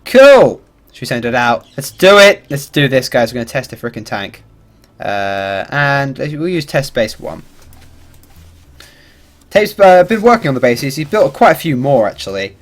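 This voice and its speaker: A man with a medium-pitched voice and normal pace streams a game, offering casual commentary. He's animated and rambling, swearing and laughing freely as he chats.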